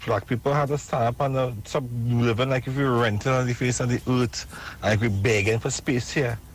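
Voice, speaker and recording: A Trinidadian caller speaks in an ordinary mid-range voice while forcefully rallying listeners. He checks in often with "right?" and "you understand?". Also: medium pitch, fairly even intonation, fairly quick, a little hiss or hum. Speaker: radio caller. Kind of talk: call-in radio rant.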